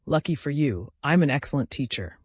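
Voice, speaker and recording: A man reading a hoarse, protective surgeon. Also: a little high, expressive, fairly quick, dry recording. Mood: tender. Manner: gentle, reassuring. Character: protective male surgeon, tired but calm.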